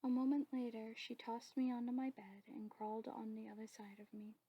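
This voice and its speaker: A woman narrating her own story in a soft, steady whispered role-play. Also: fairly high pitch, a little fast, slightly rough, lo-fi sound.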